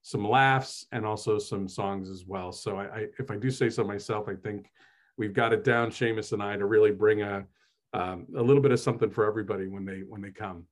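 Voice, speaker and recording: A man's voice: fairly low pitch, fairly even intonation, brisk. A man from New Jersey, a host and author, telling stories in a casual, chatty, self-deprecating way with many fillers. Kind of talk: casual conversational storytelling.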